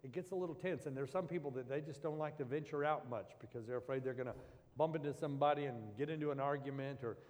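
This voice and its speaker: A male pastor preaches in an easy, rambling way, circling back and restarting his thoughts as he tells stories. His mid-pitched voice carries a long hall reverb, as if heard in a large church. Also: fast, darkish tone. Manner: conversational, rambling storytelling with restarts. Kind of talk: sermon.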